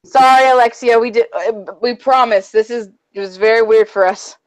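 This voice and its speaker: A woman co-hosting a casual chat show, excitable and rambling, gushing like a fangirl. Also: a little high, normal speed, low-quality recording. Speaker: podcast co-host.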